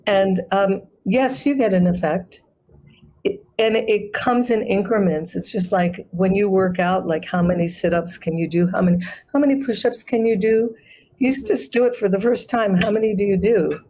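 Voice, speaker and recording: A woman who teaches chanting, explaining pronunciation and demonstrating sounds slowly in a conversation over a video call. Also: mid-range voice, dark tone, rough recording. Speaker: guest, sacred chant artist and yoga teacher.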